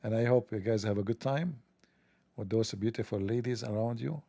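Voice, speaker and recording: Gravelly man in a mocking monologue. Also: fairly low pitch, moderate pace, mellow, no echo. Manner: mocking, sarcastic, jokey. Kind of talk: satirical monologue.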